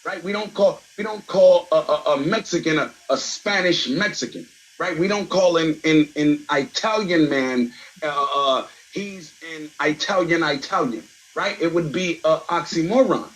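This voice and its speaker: Husky guy arguing hard in a chat room debate, kinda high voice, keeps saying right. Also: normal speed, low-quality recording. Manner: emphatic, keeps asking "right?".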